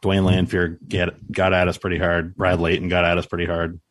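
Very deep-voiced man telling rambling stories. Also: completely flat delivery, brisk, background noise. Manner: self-deprecating, rambling anecdotes. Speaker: podcast co-host. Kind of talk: casual storytelling.

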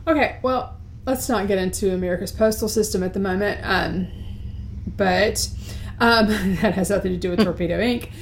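A woman's voice: mid-range voice, normal speed, gravelly, a little hiss or hum. A woman from the United States co-hosting a casual book chat, talking with lots of fillers and restarts. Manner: chatty, many fillers and restarts. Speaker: book podcast co-host.

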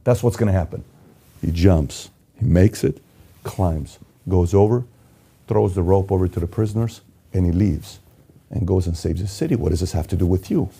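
A man from Iran giving an intense motivational monologue, swinging between loud urgency and quiet emotion. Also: low voice, gravelly, slightly rough. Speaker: motivational speaker.

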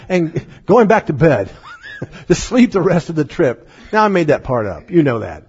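An animated man preaches to his congregation, acting out voices and laughing as he goes. His voice sits high and is husky, swinging widely in pitch. The recording is dull and lo-fi. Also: normal speed. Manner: animated, acts out voices in stories, laughs often. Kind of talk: sermon. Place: church meeting room.

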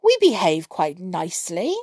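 A woman's voice: lowish voice, huge pitch swings, a little slow, darkish tone, slightly rough, no echo, heavily acted. A woman voicing an upset little female water sprite who talks plaintively.

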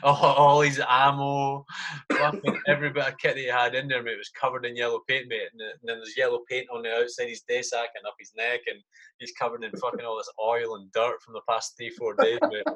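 A man's voice: medium pitch, flat delivery, a little fast, bright, forceful tone. A man, a soldier, casually telling stories in a podcast chat, swearing constantly and saying mate a lot.

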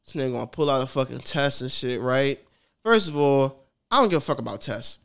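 A man's voice: medium pitch, brisk, gravelly, clear, resonant tone. A man co-hosting a podcast, telling stories in slangy, profane casual chat. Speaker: podcast co-host.

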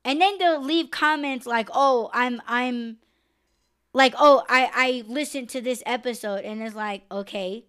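With a clean tone and a measured pace, a young woman on the high side of pitch hosts a live podcast. She rants casually, venting in a blunt, animated, profane way.

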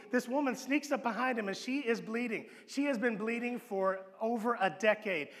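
A man preaching a sermon as pastor, telling the story with animated acted-out voices and dropping to a low hush for emphasis. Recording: long hall reverb.

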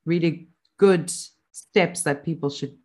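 A woman with a fairly low voice hosts a podcast conversation. She talks in a loose, chatty way, full of "you know" and restarts, and laughs easily. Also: mellow. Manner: chatty, quick to laugh, lots of fillers. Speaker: podcast host. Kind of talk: casual interview chat.

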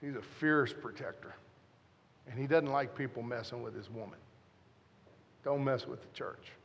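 A man's voice: medium pitch, normal speed, vocal fry, big-room sound. A man in his fifties, a guest pastor telling a joking story in a sermon, talking straight to the congregation. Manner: animated, joking, talks straight to the crowd. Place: church.

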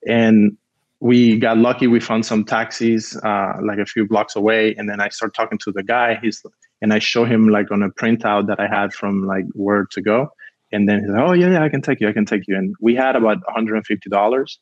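Low-voiced man. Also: level tone, moderate pace, no room sound, muffled recording. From Cuba. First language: Spanish. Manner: rambling, heavy use of "like", acts out quotes. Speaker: guest. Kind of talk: casual storytelling.

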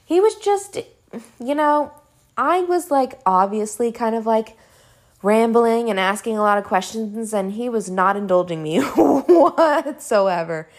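A young woman casually telling a personal story at home, animated and chatty, with frequent "like" and casual swearing. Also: on the high side, a little slow. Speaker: vlogger. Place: home room.

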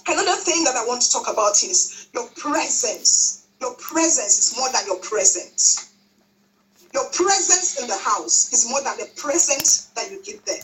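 A woman's voice: a little high, very animated, moderate pace, a bit bright, recorded from a distance, rough recording. A woman preaching a sermon, repeating her exhortations, with frequent restarts. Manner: repetitive, exhorting, many restarts. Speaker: church speaker. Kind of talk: sermon on parenting.

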